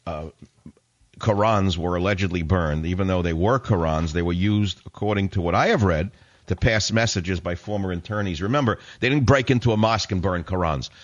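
Man, talk radio host, very low voice, sarcastic, indignant, ranting, slightly muffled sound. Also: a little fast. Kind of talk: combative talk radio monologue.

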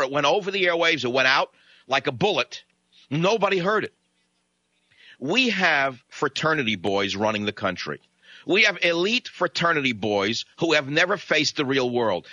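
A man's voice: on the high side, sharp tone, no echo, highs cut off. A man hosting a radio talk show, delivering a combative, sarcastic, indignant monologue into a studio microphone. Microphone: studio broadcast microphone.

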